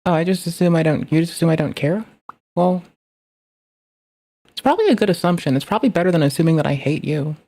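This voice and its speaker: Deadpan nihilistic rambling chatter. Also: mid-range voice, quick pace, pauses often. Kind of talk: casual rambling chat.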